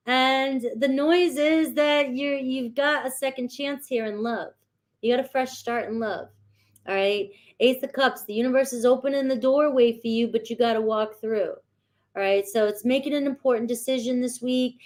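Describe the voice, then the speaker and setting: A woman's voice: sits high, steady tone, normal speed. A woman doing a casual tarot reading, chatty and talking straight to her viewers, often checking in with "all right.". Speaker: tarot reader.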